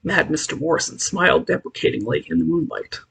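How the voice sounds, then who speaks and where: An audiobook narrator reading a story aloud in a measured, expressive way. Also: medium pitch, gravelly, slightly rough.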